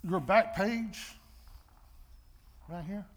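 An older man giving sermon-style teaching with personal stories, emphatic and animated, with a husky voice. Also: sits high, very slow. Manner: animated storyteller, emphatic, mimics slapping sounds. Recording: long reverb in a large hall.

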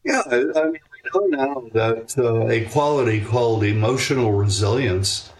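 An older man, a guest author on parenting, answers interview questions about raising children with a measured, reflective manner. His voice sits at a medium pitch, and he pauses on fillers and restarts his sentences.

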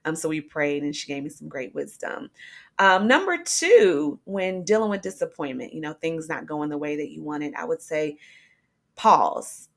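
Low, gravelly woman hosting a faith podcast. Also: expressive, normal speed. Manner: earnest, conversational, frequent fillers. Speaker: podcast host. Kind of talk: faith-based encouragement podcast.

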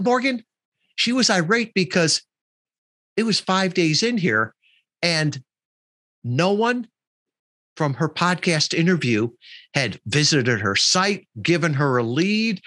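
Podcast guest, middle-aged man, bright and lively storyteller, dry close sound. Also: high voice, dry recording. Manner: animated storyteller, quotes people in his story. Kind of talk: storytelling in a casual interview.

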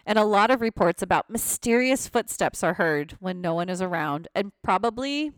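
Casual podcast co-host, woman, expressive storyteller with a bouncing pitch, dry sound. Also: normal speed, clean tone, dry recording. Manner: animated, laughs often, reads facts with asides. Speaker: podcast co-host telling ghost stories.

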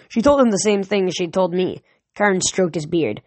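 A woman reads a novel aloud in a plain, unhurried way, stopping now and then to restart a phrase. The recording is dry and close, with no room sound around her. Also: lowish voice, expressive, a little mellow, dry recording. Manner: plain reading with small restarts. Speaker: audiobook reader.

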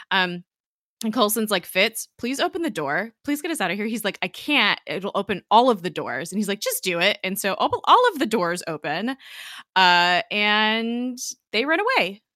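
A woman hosting a casual recap chat, talking fast, laughing often and quoting lines as she goes. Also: mid-range voice, a bit bright, no echo, clean studio sound. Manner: chatty, laughs often, acts out lines in quick quotes. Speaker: podcast host recapping an episode.

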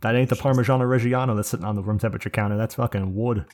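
A man's voice: on the low side, steady tone, racing, a little mellow. A man co-hosting a podcast in casual chat, profane and opinionated, going off on rants. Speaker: podcast co-host.

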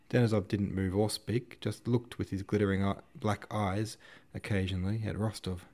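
A man's voice: lowish voice, level tone, moderate pace, darkish tone. A man narrating a classic novel as host of his own podcast, with an informal manner. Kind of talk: audiobook narration.

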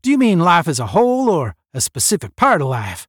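A man plays a confident young space cadet with a smooth, self-assured way of talking. His pitch moves freely, and the sound is dry and close. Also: huge pitch swings, brisk, no room sound, heavily acted.

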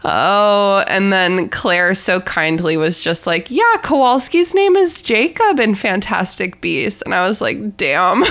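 A woman's voice: medium pitch, very animated, unhurried, few pauses, a bit bright. A young woman co-hosting a podcast, chatting casually and telling candid, self-mocking stories with some swearing. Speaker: podcast co-host. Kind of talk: casual chat.

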